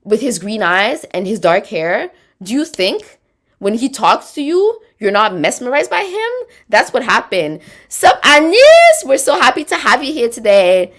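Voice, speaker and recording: A woman's voice: on the high side, very animated, measured pace. A woman with a Quebec French accent, hosting a casual livestream, chatting, rambling and reading viewer comments aloud. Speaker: livestream host reading chat.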